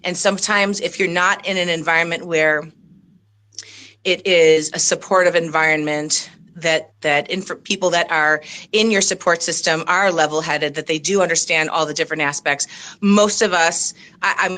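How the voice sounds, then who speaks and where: A woman's voice: lowish voice, steady tone, normal speed, bright, forceful tone. A middle-aged woman coach on a video call, slightly out of breath, speaking earnestly and reflectively with many fillers. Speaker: coach and consultant. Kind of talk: audition interview on a video call.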